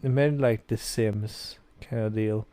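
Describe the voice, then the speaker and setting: His voice sits on the low side, steady, slow and dark, in a dry recording. He's a young Swedish gaming video host, a bit tipsy from beer, rambling casually with plenty of fillers as he plays and reads aloud a visual novel for let's play commentary.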